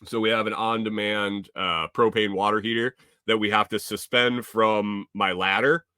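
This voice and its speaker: A man's voice: lowish voice, steady tone, moderate pace, pushed and bright, smooth, no room sound, studio quality. A man from Minnesota hosting a casual livestream, rambling through viewer comments and laughing often. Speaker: livestream host.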